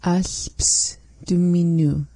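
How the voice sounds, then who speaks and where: Woman, language learner, careful repetition, mellow tone, dry close recording. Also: lowish voice, steady tone, drawn-out words, no echo. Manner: careful, repeats each phrase after the teacher. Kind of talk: repeating phrases in a lesson.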